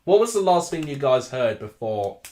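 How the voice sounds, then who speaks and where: A man hosting a live football watchalong, excitable and flustered, swinging between ranting and calm analysis over a desk microphone. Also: mid-range voice, normal speed, roomy sound. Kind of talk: live match commentary and chat.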